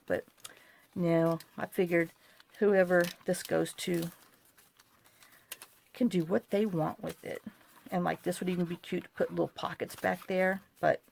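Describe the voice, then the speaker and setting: A woman's voice: lowish voice, creaky. A woman, rambling and apologizing as she shows off a craft journaling project in a casual tutorial vlog, wired on too much caffeine. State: overcaffeinated. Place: home craft desk.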